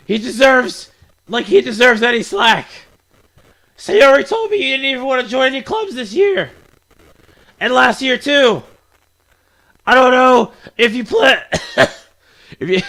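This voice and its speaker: A man's voice: very high-pitched, sharp tone, voice pushed up, exaggerated voice, rough recording. Man doing a feisty, snappy little schoolgirl. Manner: snappy and scolding. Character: feisty, sharp-tongued small teen girl.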